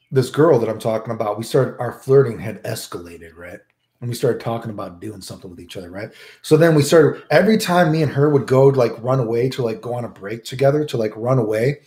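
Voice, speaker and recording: A man rambles through a crude personal story, constantly checking in with "right?". His voice sits at an average pitch. The room around him is noticeably echoey. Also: fairly quick, darkish tone. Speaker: storyteller host. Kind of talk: profane casual storytelling. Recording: roomy echo.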